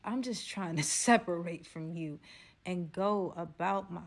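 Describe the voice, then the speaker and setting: A woman voicing an apologetic young male fugitive, talking quietly and rambling earnestly. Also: fairly low pitch, measured pace, pitched below the performer's own voice. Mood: reassuring.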